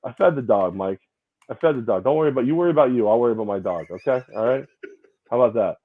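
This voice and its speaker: A man's voice: medium pitch, lively intonation, fast. A man co-hosting a casual sports podcast, rambling and repeating his words in a self-mocking way. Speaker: co-host. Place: home, separate location due to snow. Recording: tinny phone-like line.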